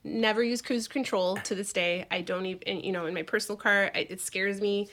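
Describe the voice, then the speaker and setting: Animated, swearing woman telling a story. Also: medium pitch, a little fast. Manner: animated and profane, mimics voices. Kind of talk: casual podcast chat.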